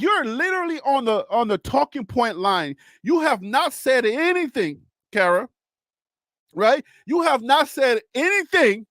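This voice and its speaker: High-voiced man chatting, dry close sound. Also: a bit bright, no room sound. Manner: laughs often, chatty, explains step by step; addresses a caller or chatter directly. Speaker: host. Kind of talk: casual political discussion.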